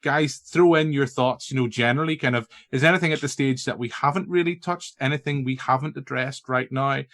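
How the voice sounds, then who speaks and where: A man's voice: mid-range voice, brisk. A Northern Irish man hosting a film podcast, chatting casually and bantering playfully with his guests. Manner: animated, playful, stubborn banter. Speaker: podcast host. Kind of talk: casual chat.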